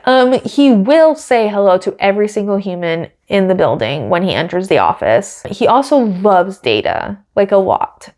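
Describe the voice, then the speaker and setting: A woman's voice: medium pitch, big pitch swings, unhurried, darkish tone. A young woman hosting a podcast, talking in a casual, gushing and opinionated way with lots of fillers. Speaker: podcast host. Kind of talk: casual chatty commentary.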